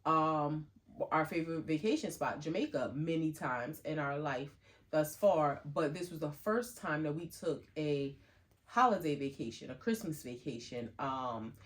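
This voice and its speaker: A middle-aged woman co-hosting a podcast, chatting casually and acting out quoted lines in a lifted voice. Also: a little slow. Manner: animated storyteller, acts out quotes in a higher voice. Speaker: podcast co-host. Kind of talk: casual chat.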